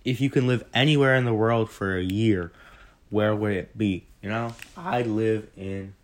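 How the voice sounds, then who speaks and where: A man's voice: lowish voice, a little slow. A young man in his late teens answering questions in a casual vlog, rambling and correcting himself, recorded on a phone. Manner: rambling, self-correcting, chatty.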